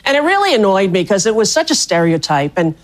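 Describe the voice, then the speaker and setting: A middle-aged woman from New York City telling stand-up stories, chatty and animated, on a live stage. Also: mid-range voice, quick pace. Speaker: stand-up comedian. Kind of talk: stand-up comedy set. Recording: live stage with loud laughing crowd and room noise.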